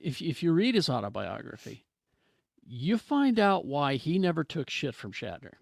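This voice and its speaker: A man's voice: on the high side, very animated, moderate pace, gravelly, no echo, clean studio sound. A man co-hosting a casual podcast chat, dropping wry jokes. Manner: wry, joking asides. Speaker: podcast co-host.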